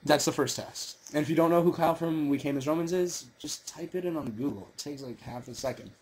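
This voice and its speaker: A man's voice: a little high, quick pace, darkish tone. A teenage boy co-hosting a casual chat, telling stories in a mocking way. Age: teens. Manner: storytelling, mocking. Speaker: co-host.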